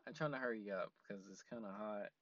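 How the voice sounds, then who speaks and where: A man's voice: fairly low pitch, fairly quick, no echo, dull audio. A man hosting a casual solo podcast from a parked car, rambling with lots of fillers and frequent laughs. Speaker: podcast host.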